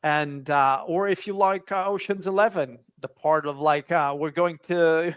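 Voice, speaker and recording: A man with a fairly high voice chats as a guest on a video call. He hesitates, restarts and leans on fillers as he talks. The sound is dry and close. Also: fairly even intonation, a little slow, hardly any pauses, smooth, no echo. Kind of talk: casual interview chat.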